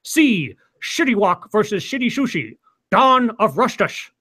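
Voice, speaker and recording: A bombastic movie-trailer announcer, as a man puts him on for a joke, pitched up and loud. He stretches every phrase slowly for maximum overblown drama. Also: sing-song, full character voice. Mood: grandiose. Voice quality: exaggerated, drawn-out delivery.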